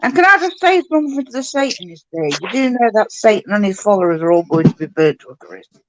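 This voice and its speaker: A woman's voice: mid-range voice, big pitch swings, fast talker, low-quality recording. A woman guest on a casual live chat. She talks in an outspoken, teasing way, tossing out blunt remarks with easy good humor.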